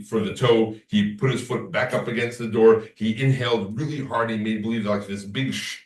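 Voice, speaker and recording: A man giving a casual lecture to a class, telling stories and acting out what people said. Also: fairly low pitch. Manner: rambling storyteller, acts out quoted talk. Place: class room. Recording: echoey room from far off.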